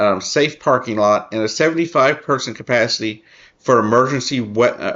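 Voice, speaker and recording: Earnest halting man reading news aloud. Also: medium pitch, a bit bright, dull audio. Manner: earnest, halting, many restarts and fillers. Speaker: political commentary host. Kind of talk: casual commentary reading an article.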